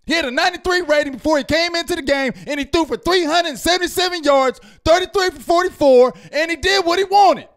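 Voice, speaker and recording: A man delivers a heated postgame rant in a strikingly high voice. He is loud and fired up, hammering his points and checking in with the listener again and again. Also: quick pace, few pauses. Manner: loud, fired-up ranting with repeated "you feel me?". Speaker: fan show co-host.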